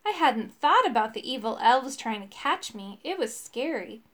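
A woman's voice: on the high side, very animated, normal speed, a bit bright. A woman reading a children's story aloud, giving each character a voice.

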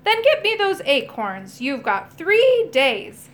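A woman's voice: very high voice, wildly swooping pitch, slow, a bit bright, voice pushed up, exaggerated voice. A woman voicing a pompous, sneering male magician official who barks orders in a storybook reading. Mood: stern, commanding. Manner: haughty, barking orders.

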